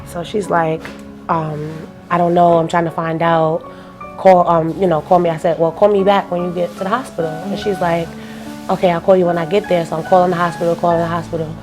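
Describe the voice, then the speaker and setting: Low, flat-voiced young woman telling a story. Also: fairly quick, music in the background. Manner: loose storyteller, acts out phone calls, many fillers. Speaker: interview guest. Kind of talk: casual interview, recounting a personal story.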